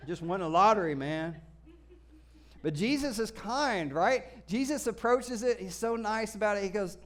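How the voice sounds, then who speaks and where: A man preaching a sermon as a pastor, animated, swinging from shouted excitement to quiet asides. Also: high voice, unhurried.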